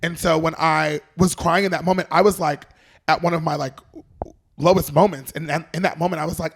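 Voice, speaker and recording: A man's voice: a little high, steady tone. A man around thirty, a guest on a casual podcast, talking candidly and emotionally about mentoring and vulnerability. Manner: candid, emotional, quick asides.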